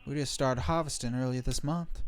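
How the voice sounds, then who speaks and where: A man's voice: mid-range voice, steady tone, normal speed. Playful male streamer reading game dialogue. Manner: playful, reads game lines aloud between jokey asides.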